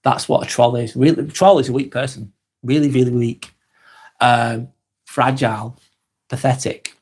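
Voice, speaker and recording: A man's voice: mid-range voice, fairly even intonation, moderate pace, darkish tone, husky. An English man hosting a live stream, reading viewers' comments aloud and answering them bluntly, with frequent ums and repeated words. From England. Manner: blunt, dismissive of trolls, repeats himself with ums.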